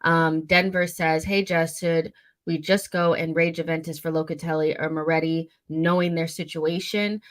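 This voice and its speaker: Deep-voiced and flat in delivery, this young woman talks at normal speed while hosting a casual fan livestream. She rambles through viewer comments with many fillers and self-corrections, recorded on a desk studio mic.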